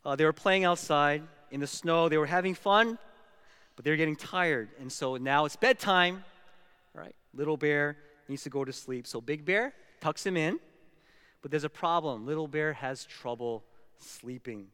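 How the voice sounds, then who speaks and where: A man's voice: fairly high pitch, normal speed, bright, forceful tone, smooth. A male pastor giving a sermon, stressing words one by one and slipping into storytelling. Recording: long hall reverb.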